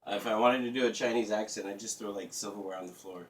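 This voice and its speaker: A man's voice: fairly low pitch, fairly even intonation, quick pace. Profane, rambling man, off-mic. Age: 30s. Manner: crude, profane, rambling, sarcastic. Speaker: vlogger. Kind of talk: casual rambling rant. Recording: voice a bit distant from the mic.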